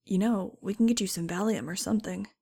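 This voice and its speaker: A woman's voice: mid-range voice, fast, gravelly, warm tone, husky. A woman doing an easygoing navy captain. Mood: calm. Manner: easy, matter-of-fact.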